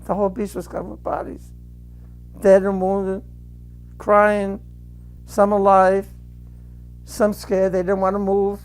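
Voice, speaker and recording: An older man giving a halting, emotional personal war testimony, repeating phrases as he recounts. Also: sits high, monotone, smooth, soft background music.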